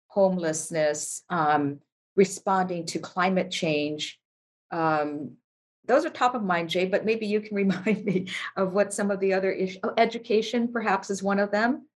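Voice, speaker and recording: A woman, co-hosting a casual political discussion, speaking in a measured, thoughtful way with fillers. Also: medium pitch. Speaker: co-host.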